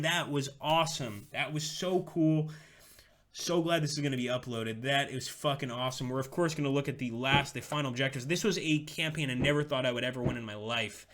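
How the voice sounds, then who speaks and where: Young male streamer, excitable, profane, bright tone. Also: fairly high pitch. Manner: excitable, swears freely. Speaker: game streamer. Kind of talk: live game commentary.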